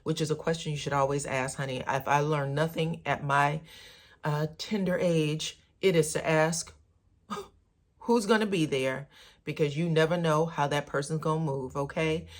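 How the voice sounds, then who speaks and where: A woman's voice: low voice, fairly even intonation, moderate pace. A woman casually recapping a reality show episode for her viewers, sassy and chatty, calling them honey and girl.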